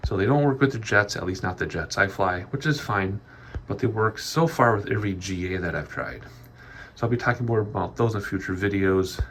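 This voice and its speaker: A man's voice: lowish voice, fairly quick, a bit bright. Rambling breathless man with faint room hiss. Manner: rambling, chatty, frequent ums. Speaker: YouTuber giving a studio tour. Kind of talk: casual walkthrough vlog. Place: home office studio.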